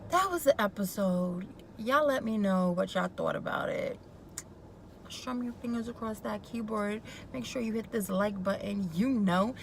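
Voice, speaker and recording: Gossipy woman with a gravelly voice. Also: mid-range voice, moderate pace, a little hiss or hum, poor audio. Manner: gossipy and opinionated, chatty asides. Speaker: YouTube recap vlogger. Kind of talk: casual TV recap commentary.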